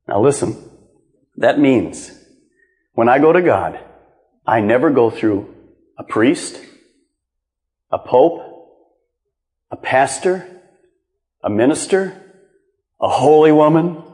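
A man preaching a sermon as pastor, swinging from loud emphasis to hushed, low lines. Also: expressive, slow pace, long pauses, big-room sound. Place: church auditorium.

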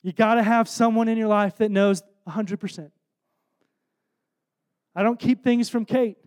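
Young man, high voice, earnest conversational sermon, emotional storytelling. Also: fairly even intonation, normal speed, darkish tone. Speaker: worship leader preaching.

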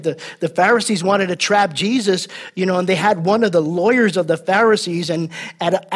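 A man's voice: high-pitched, slightly rough. A man preaching a sermon as pastor, earnest and conversational, often repeating words and adding asides to his listeners.

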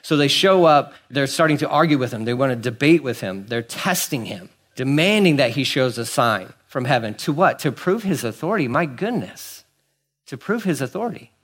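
A married man preaching a conversational sermon, swinging between hushed asides and emphatic, incredulous exclamations. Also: mid-range voice, lively intonation, normal speed. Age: adult, married. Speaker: pastor.

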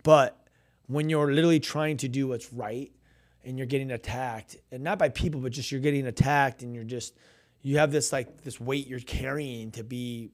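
Here a radio co-host shares a personal ministry story in easygoing chat. He's lively, restarts a lot, and performs the quoted voices, speaking at medium pitch and a normal pace.

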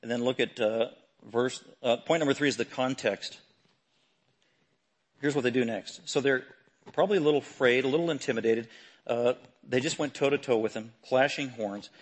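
A man preaching a sermon, talking through a passage and building to loud, emphatic proclamations. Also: medium pitch, moderate pace, husky.

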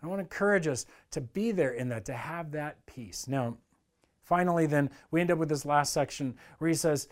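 Pastor, male, fairly high voice, earnest conversational sermon delivery. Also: normal speed. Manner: earnest, conversational preaching that acts out quoted complaints.

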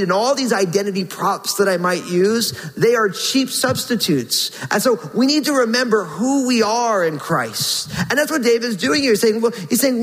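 A man preaches an earnest, emphatic sermon, his voice sitting notably high for a man. He reads scripture with weight. The sound carries a long reverb, like a large hall. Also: animated, normal speed, a bit bright. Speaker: pastor.

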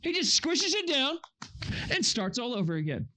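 A camp speaker preaching to young teens, with a high, bright voice. The delivery is lively: the speaker tells the story with energy, acts out the quoted voices, and keeps asking the audience questions. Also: normal speed.

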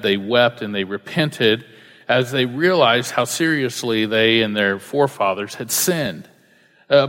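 A man's voice: medium pitch, fairly bright tone, big-room sound. A male pastor preaching a verse-by-verse sermon, earnest and repeating key lines for emphasis.

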